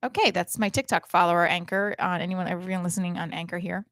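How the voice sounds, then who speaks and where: A woman's voice: fairly low pitch, fairly even intonation, fast talker, dry recording. A middle-aged woman hosting a podcast, talking in a blunt, profane, rambling comedic monologue into a close mic.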